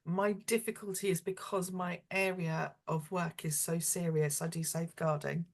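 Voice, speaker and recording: A woman's voice: on the low side, steady tone, normal speed. A woman asking a question on a video call, hesitant and searching for her words. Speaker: audience member asking a question. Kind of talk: casual chat.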